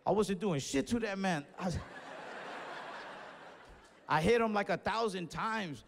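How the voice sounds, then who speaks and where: A stand-up comedian with a slightly high voice tells a story and jumps between characters. He is recorded live in a big reverberant hall. Faint audience ambience sits behind him. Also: unhurried, vocal fry, slight background noise. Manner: animated, acts out both sides of the story.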